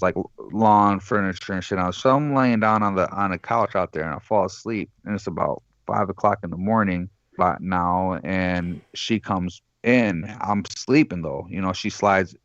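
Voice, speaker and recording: A man's voice: fairly low pitch, no echo, highs cut off. A man from Michigan, calling in as a guest and telling a long profane story, acting out the people in it. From Michigan, USA. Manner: profane, rambling, acts out the other people in the story. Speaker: caller guest. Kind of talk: casual storytelling.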